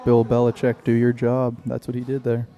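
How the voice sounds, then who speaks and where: A man's voice: mid-range voice, completely flat delivery, normal speed, dark tone, dull audio. A man providing color commentary on a live bocce match, with dry, jokey asides between plays.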